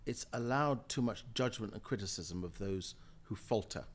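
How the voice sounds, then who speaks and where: A man's voice: fairly low pitch, normal speed. An older man from Jamaica and the UK, a guest in a podcast interview, speaking emphatically and telling stories with frequent laughter. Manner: emphatic, lively storyteller, laughs often. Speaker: guest, member of the House of Lords.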